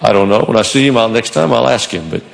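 A man's voice: fairly low pitch, fast talker, gravelly, big-room sound, slight background noise. A man preaching a sermon in church, telling a story with animation and acting out the quoted lines. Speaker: pastor.

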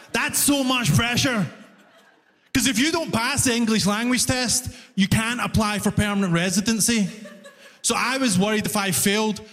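A man with a Glasgow Scottish accent performs an animated stand-up set, and his voice sits high. He is recorded live on a comedy stage, and a long hall reverb trails his words. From Scotland. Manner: animated storytelling with audience laughter.

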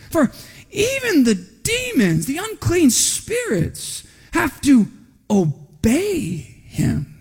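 In a church sanctuary during a service, a pastor preaches an expository sermon conversationally, often asking the congregation "right?" and rising animatedly when reading quoted speech. His voice sits high and is a little mellow, with long hall reverb.

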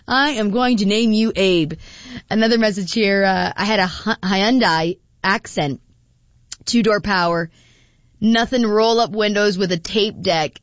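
A woman's voice: mid-range voice, no room sound, lo-fi sound. A woman hosting a morning radio show, chatting casually and laughing as she reads listener texts. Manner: chatty, laughing, with frequent fillers.

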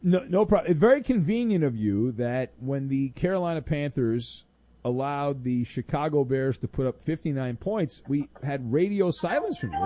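A man's voice: a little high, warm tone, no echo. A man hosting a sports talk radio show, sarcastic and mock-exasperated with callers.

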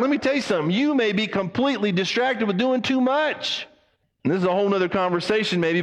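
Guy pastor preaching, kinda high voice, big echoey church hall, gets loud then real quiet. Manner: emphatic, swings between raised and hushed delivery. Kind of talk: sermon.

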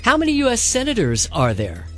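A woman reads quiz questions quickly and clearly on a radio show. Her voice sits a little high with a lively pitch. Faint music plays under her. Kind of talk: reading quiz questions on air.

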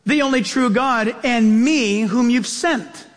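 A man preaching a sermon as pastor, telling stories in an animated way with sudden jumps in pitch. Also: slow pace. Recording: long church-hall reverb.

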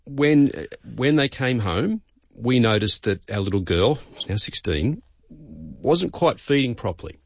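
A man's voice: medium pitch, expressive, measured pace, dry recording, muffled recording. A man, a radio host speaking heartfelt and a little stumbling. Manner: heartfelt, stumbling, repeating words. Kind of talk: radio interview.

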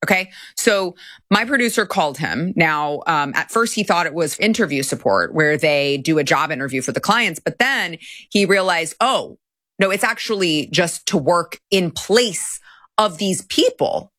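A woman hosting a commentary talk show, talking in an indignant way that repeats itself and laughs quickly. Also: fairly low pitch, expressive, fairly bright tone, dry recording, studio quality. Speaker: host.

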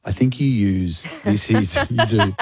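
A man's voice: fairly low pitch, unhurried, slightly rough, no echo, studio quality. A man with an Australian accent hosting a radio show, telling a story in a jokey, casual way. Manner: jokey storyteller leading the segment. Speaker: radio host. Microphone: studio microphone.

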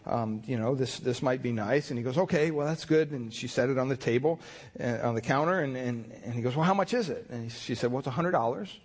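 A man's voice: mid-range voice, brisk, darkish tone, husky. A male pastor preaching a sermon in a conversational storytelling way, with restarts and chuckles.

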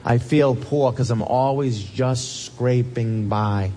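A man preaching a sermon as a pastor, animated, with a husky voice. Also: medium pitch, slow pace, slight background noise. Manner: animated, swings from loud questions to soft reassurance.

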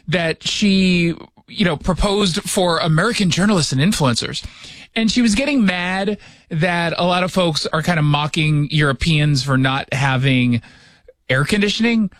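A man's voice: sits high, fairly bright tone, no room sound. A man hosting a radio show from his studio, chatting casually with sarcastic jokes. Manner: sarcastic, joking asides. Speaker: radio host. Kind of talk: casual opinion chat.

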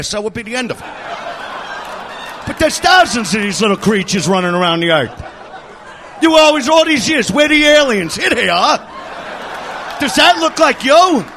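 A man's voice: sits high, bright, forceful tone, slight background noise. A man doing a profane, abrasive stand-up rant on a comedy club stage.

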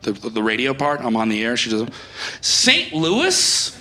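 A man playing a dumped young radio DJ who rants in bursts and keeps cracking between shouting and near-tears, in a comic monologue. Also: medium pitch, huge pitch swings, unhurried, echoey room, very noisy. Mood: ranting. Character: heartbroken young male rock radio DJ, ranting.

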